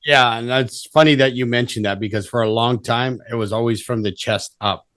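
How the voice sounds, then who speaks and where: A man's voice: mid-range voice, moderate pace, dry recording, studio quality. A man hosting a podcast, chatting casually with his guest and sharing his own experiences. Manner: relaxed, chatty, many fillers. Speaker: podcast host. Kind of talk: casual conversation.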